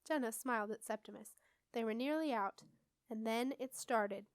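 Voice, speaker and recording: A woman's voice: a little high, normal speed, clear, resonant tone, dry recording. Woman reading a storybook, dry close sound. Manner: steady expressive read-aloud. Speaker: audiobook reader. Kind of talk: storybook narration.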